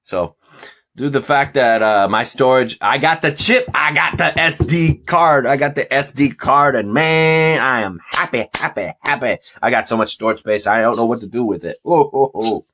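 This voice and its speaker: A man's voice: medium pitch, normal speed, fairly bright tone. Male podcast host, casual, rambling, joking, stumbles over words. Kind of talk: casual chat.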